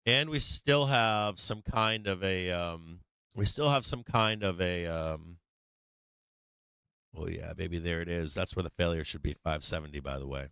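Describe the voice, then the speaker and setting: A man's voice: deep voice, measured pace, pushed and bright, clean tone, dry recording. Rambling man hosting a market livestream. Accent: none, dropped his Boston accent. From Boston. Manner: rambling, conversational, many fillers and restarts. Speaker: stock market livestream host. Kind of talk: casual livestream chat.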